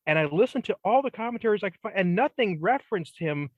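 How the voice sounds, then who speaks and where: A man who is a podcast guest and independent filmmaker, chatting in a thoughtful, measured way. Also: high voice, lively intonation, no echo, highs cut off. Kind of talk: casual chat.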